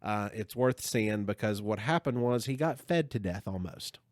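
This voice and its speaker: A man hosting a podcast, retelling a story in casual chat with an animated, rambling manner. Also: on the low side, moderate pace, dry recording. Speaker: podcast host.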